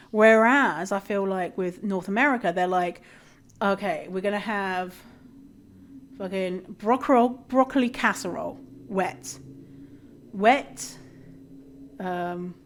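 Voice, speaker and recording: A British woman hosting a podcast, talking in a casual, animated rant with swearing and mock outrage. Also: medium pitch. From Britain. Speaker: podcast host. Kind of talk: casual ranting monologue.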